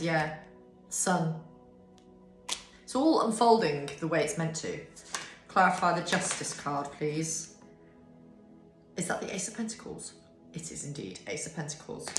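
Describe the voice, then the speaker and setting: A woman's voice: fairly low pitch, fairly bright tone. A drowsy woman giving a casual tarot reading to camera, yawning and swearing freely. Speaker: tarot reader. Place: bright room at home, indoors. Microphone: camera on a desk with ring light. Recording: echoey room with faint music.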